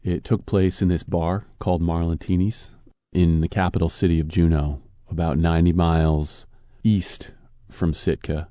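A young adult man telling a personal story in a relaxed, casual way, with easy fillers. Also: low-pitched, normal speed, no room sound, studio quality. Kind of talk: personal storytelling over music. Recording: guitar music behind voice.

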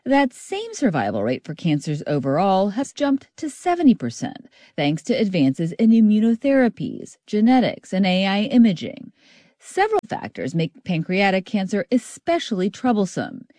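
A woman radio correspondent reading a scripted news report in a measured, expressive way. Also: mid-range voice, no echo, clean studio sound.

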